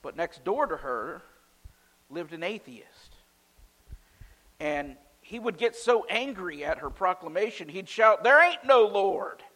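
A high, bright-voiced man preaches to his congregation, telling stories with lively, loudly acted quotes. His voice rings with long reverb, as in a large hall. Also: slow, pauses often. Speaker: pastor. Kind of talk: sermon.

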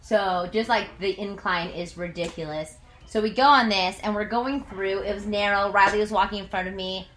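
A woman pastor telling a personal story during a sermon, animated and self-mocking, with lots of "like". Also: mid-range voice, moderate pace, slight background noise. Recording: echoey room.

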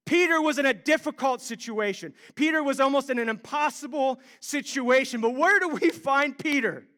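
High, bright-voiced man preaching. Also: normal speed. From Ohio. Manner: animated storytelling, self-deprecating humor. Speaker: pastor. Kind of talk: sermon.

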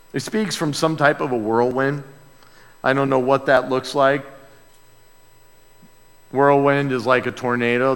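A male pastor preaching a sermon in a church, emphatic and dramatic, dropping to quiet asides and then rising to loud outbursts. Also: mid-range voice. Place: church sanctuary with a sound booth. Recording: long reverb in a large hall.

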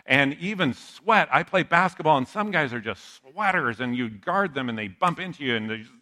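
A man's voice: on the high side, animated, normal speed, sharp tone. A man preaching a sermon as a pastor, talking conversationally and telling stories with asides to the listener.

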